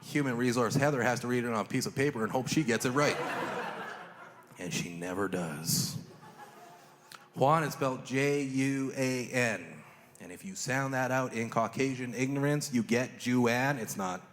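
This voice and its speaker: A man's voice: medium pitch, normal speed. A man doing a live stand-up routine, telling crude, self-mocking stories in punchy bursts. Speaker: stand-up comedian. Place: live comedy stage. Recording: long reverb hall with steady noise.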